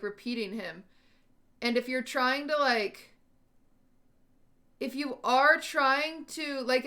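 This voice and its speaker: With a slightly high, bright and forceful voice, a livestream host muses aloud to her chat, sounding casual, questioning and unsure.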